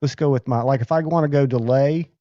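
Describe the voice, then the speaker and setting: A man's voice: medium pitch, a little fast, dark tone, no room sound, lo-fi sound. A man hosting a casual livestream, chatting loosely and thanking viewers by name. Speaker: livestream host.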